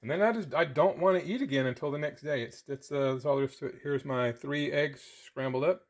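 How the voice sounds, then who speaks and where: This diet vlogger's voice sits on the higher side, and he moves at a brisk clip. Filming a relaxed cooking tutorial in his own kitchen, he chats folksily and occasionally eats while he talks.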